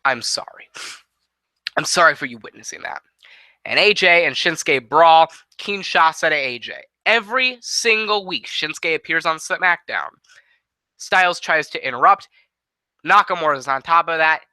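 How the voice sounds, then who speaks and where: Bright-voiced man booking wrestling. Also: fairly high pitch, expressive, dry recording, low-quality recording. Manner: casual, quick, profane play-by-play. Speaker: host. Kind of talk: fantasy booking play-by-play.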